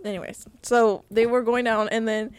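A woman's voice: on the high side, flat delivery, normal speed, slight background noise. A woman co-hosting a casual podcast, telling a story in a rambling way full of "like" and restarts. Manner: rambling, filler-heavy storytelling. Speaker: podcast co-host.

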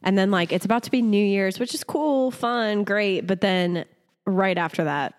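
A woman's voice: mid-range voice, moderate pace. A woman co-hosting a podcast in casual chat, blunt and sarcastic, laughing often. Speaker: podcast co-host.

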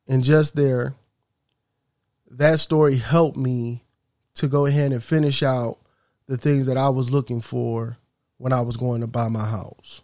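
A man's voice: medium pitch, steady tone, unhurried, long pauses, mellow, no room sound, studio quality. Earnest man telling a faith story. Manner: earnest and preaching. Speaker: podcast host. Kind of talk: faith-based storytelling and reflection.

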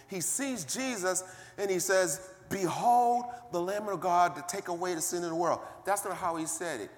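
A man preaching a sermon, calling out to the congregation and building up to shouting. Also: sits high, moderate pace, long reverb tail.

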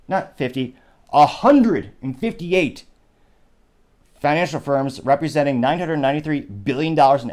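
Here a man with a mid-range, somewhat dark voice runs a political commentary show by himself. He keeps it conversational, wandering off on tangents often and slipping in sarcastic remarks.

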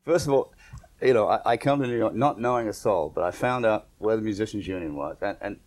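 A man's voice: on the low side, fairly quick. A man with an English accent, a jazz pianist telling an anecdote in an interview, acting out the dialogue. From England. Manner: animated storyteller acting out dialogue.

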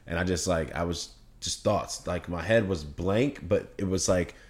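Deep-voiced young man telling a story. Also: unhurried. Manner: open, reflective storytelling. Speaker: podcast guest. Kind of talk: casual podcast conversation.

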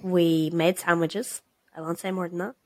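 A young woman with a Dublin accent, a podcast co-host telling a workplace story in casual chat, sweary and quick to laugh. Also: lowish voice, flat delivery, no room sound.

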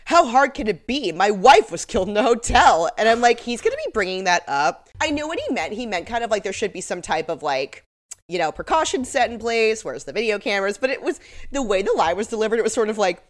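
A woman's voice: medium pitch, sing-song, fast. A woman co-hosting a podcast in casual chat, sarcastic and laughing often. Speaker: podcast co-host.

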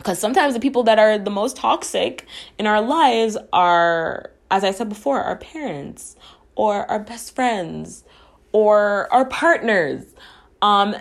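A young woman hosts a podcast, speaking earnestly and reflectively about personal matters, swearing casually and becoming emotional, near tears at times. Her mid-range voice is animated yet slow, with noticeable vocal fry.

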